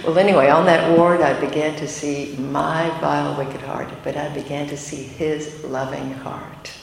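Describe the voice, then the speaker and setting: Brief: older woman, low voice, earnest testimony, big echoey hall with faint noise. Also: fairly even intonation, normal speed, gravelly. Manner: earnest and emotional, with self-deprecating asides. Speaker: speaker giving a testimony. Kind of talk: testimony talk to a women's gathering.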